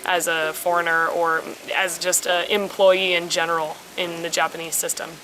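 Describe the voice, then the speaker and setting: A woman's voice: on the low side, level tone, moderate pace, bright, forceful tone, slight background noise, low-quality recording. A woman co-hosting a casual Q&A vlog, answering viewer questions in a chatty way. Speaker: vlog co-host. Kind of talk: casual Q&A chat.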